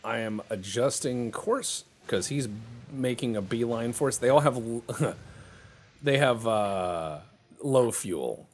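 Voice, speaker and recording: A man's voice: medium pitch, lively intonation, slow, slight background noise. A man giving joking, casual play-by-play commentary on a strategy game. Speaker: gameplay commentator.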